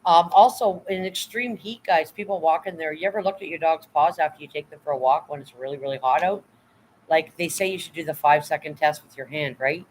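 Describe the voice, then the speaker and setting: A man's voice: fairly high pitch, brisk, slight background noise, rough recording. A tired man chatting casually on a livestream, rambling and blunt, swearing now and then while reading out chat. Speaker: vlogger reading live chat.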